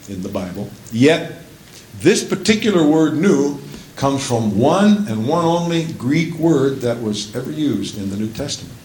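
A man's voice: medium pitch, slight background noise. Preaching man in an echoey church. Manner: preaching, rising to shouts at climaxes; interjects praise and hallelujahs often. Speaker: pastor. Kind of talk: sermon.

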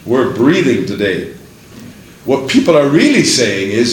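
A man's voice: medium pitch, very animated, slow, pauses often, a little hiss or hum. Fervent preacher man in an echoey hall. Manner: fervent, reads scripture aloud in King James wording. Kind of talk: sermon.

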